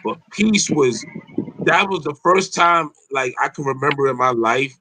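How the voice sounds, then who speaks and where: A man's voice: fairly high pitch, measured pace, heavy background noise. A man co-hosting a casual podcast chat, talking emphatically with lots of profanity. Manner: profane, emphatic, talks over others. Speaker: podcast co-host.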